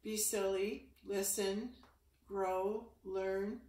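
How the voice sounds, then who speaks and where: A woman leading a spiritual yoga session, speaking slowly and soothingly with sighs between phrases. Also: mid-range voice, steady tone, dark tone, echoey room. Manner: slow, soothing, with sighs and breaths.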